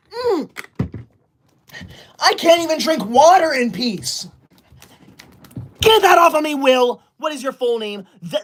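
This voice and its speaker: A man's voice: very high-pitched, a bit bright, heavily acted. A man playing a touchy, self-righteous teacher's-pet boy livestreamer who scolds and bans his viewers in melodramatic outbursts. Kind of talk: comedic character skit.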